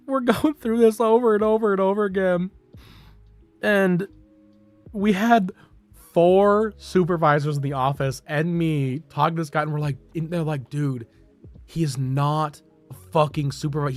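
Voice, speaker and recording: A young man streaming, telling a work story in a rambling, profane way, with frequent laughs and restarts. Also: on the high side.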